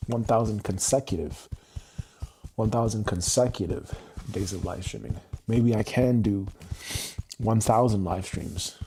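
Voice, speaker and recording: A man talking unscripted on a livestream, raw and emotional, halting and repeating his phrases as he restarts them. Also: fairly low pitch, mellow, slight background noise.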